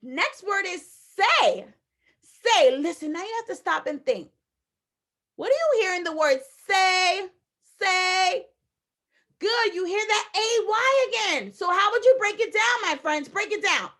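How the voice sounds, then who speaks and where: A woman teaching a phonics lesson to young children, sounding out letters slowly and emphatically, with repeated encouragement. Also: extremely high pitch, animated, fairly bright tone. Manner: encouraging, repeats phrases to the class. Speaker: kindergarten teacher.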